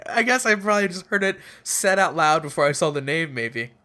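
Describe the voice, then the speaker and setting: A man co-hosting a casual podcast, making quick wisecracks and deadpan jokes. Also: fairly high pitch. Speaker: podcast co-host.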